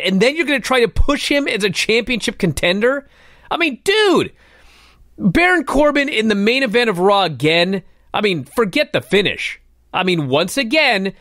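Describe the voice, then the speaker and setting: Radio host guy ranting, all worked up, high voice, jumping all over, dry studio sound. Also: fairly bright tone, dry recording. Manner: fired-up, exasperated ranting.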